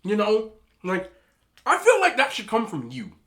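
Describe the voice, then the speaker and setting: A man's voice: high-pitched, wildly swooping pitch, normal speed, fairly bright tone. A man hosting a mukbang, giving opinionated casual rants while he eats and talks with his mouth full. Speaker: mukbang host. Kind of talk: casual ranting while eating.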